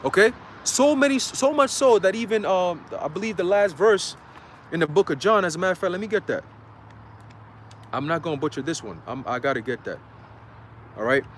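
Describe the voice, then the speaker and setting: A man's voice: high voice, animated, brisk, long pauses, a little hiss or hum. A man preaching a casual livestream sermon in a loose, conversational way, full of fillers, reading scripture aloud.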